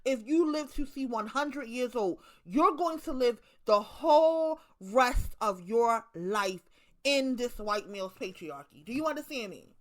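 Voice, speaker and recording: This online commentator is a woman in her thirties with a Baltimore accent, and her pitch is fairly high, lively, and measured in pace. Addressing viewers in an offhand monologue, she swears freely, speaks bluntly, and keeps repeating herself for emphasis.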